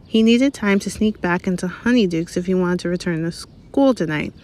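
A woman reading a chapter of a novel aloud in a measured, even storytelling manner. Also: on the low side. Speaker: reader. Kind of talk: read-aloud audiobook narration.

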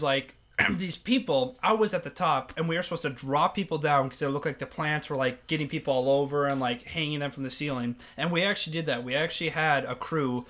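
Fast-talking young man telling stories. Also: a little high. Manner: animated storyteller, acts out quotes loudly. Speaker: podcast co-host. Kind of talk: casual chat.

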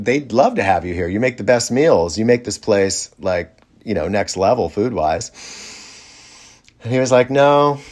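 A man telling a rambling story in a casual way, with many fillers and lively quoted voices. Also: on the low side.

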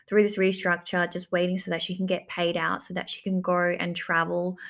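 A woman's voice: fairly low pitch, fairly bright tone. A woman telling a personal story in a reflective, repetitive way, often saying "like" and circling back to the same phrases, as a coach talking to her audience. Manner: reflective, repeats phrases, filler-heavy. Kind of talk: personal story told to camera.

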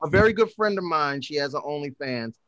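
A man's voice: on the high side, animated, fairly quick, a bit bright, dry recording, highs cut off. A man hosting a podcast, bantering and laughing with crude jokes in casual chat. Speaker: podcast host.

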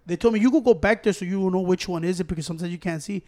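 A man telling a story in casual chat, profane and animated, with slangy asides. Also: high-pitched, rapid-fire.

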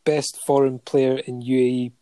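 This man speaks at a moderate pace with a flat delivery and a dark, medium-pitched voice, recorded with no room sound. Chatting casually on a podcast, he reads a long list of honours steadily, dropping in frequent ums and light chuckles.

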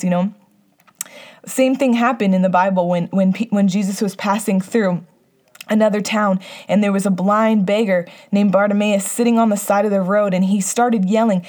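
A middle-aged woman preaching a sermon in an earnest, conversational way. Her voice sits at an ordinary middle pitch, and she often restarts her sentences as she talks. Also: darkish tone.

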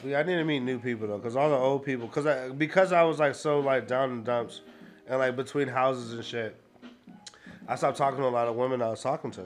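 A man's voice: medium pitch, brisk. A young man co-hosting a podcast, speaking bluntly and plainly about dating and his friends. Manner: blunt and matter-of-fact. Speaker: podcast co-host. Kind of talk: casual podcast banter.

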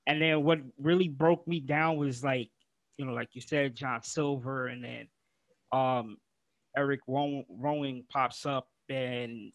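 A man's voice: mid-range voice, steady tone, a little slow, no echo. A man co-hosting a casual wrestling podcast, rambling and calling his friend "bro" as he retells his reactions. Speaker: podcast co-host.

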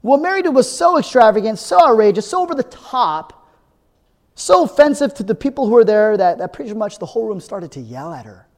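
A man's voice: high voice, very animated, fairly quick, a little mellow, big-room sound. A male pastor preaching a sermon in a conversational way, often asking "right?", and building to emphatic repeated phrases. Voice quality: earnest, builds to emphatic repetition. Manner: conversational, frequent tag "right?".

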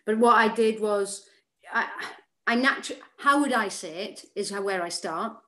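An actress chats freely as an interview guest, her voice at a middling pitch. She talks in quick, animated bursts and keeps restarting sentences. The room around her has a noticeable echo. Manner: chatty, animated, frequent restarts. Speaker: actor, podcast guest. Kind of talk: casual interview chat. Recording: roomy echo.

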